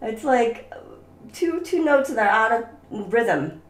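A woman's voice: on the high side, expressive, takes it slowly, echoey room, distant mic. Woman violin teacher coaching a student. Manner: coaching, sings rhythms aloud. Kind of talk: online music lesson.

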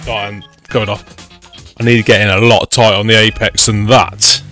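A man's voice: on the low side, fairly even intonation, brisk, sharp tone, soft background music. A young man giving live gameplay commentary as he plays a racing game, swearing often and getting frustrated with his car. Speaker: gaming channel host.

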